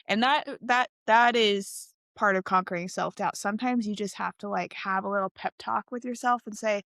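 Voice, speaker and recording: A woman of middle pitch talks bluntly and with emphasis in a casual podcast chat. She swears freely and keeps checking in with her listener. The recording is dry, with no room sound. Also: moderate pace, creaky, hardly any pauses, a bit bright, no echo. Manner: emphatic and blunt, often tags "right?" and swears. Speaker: podcast co-host and full-time small business owner.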